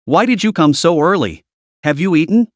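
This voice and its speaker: A man doing a soft-spoken, gentle young attorney. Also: on the high side, expressive, moderate pace, no room sound, clean studio sound, natural voice. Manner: speaks softly.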